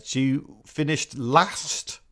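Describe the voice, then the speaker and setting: A man's voice: mid-range voice, very slow, fairly bright tone. A man co-hosting a pop music podcast, making dry, wry remarks and reeling off trivia. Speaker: podcast co-host. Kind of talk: casual chat about pop music.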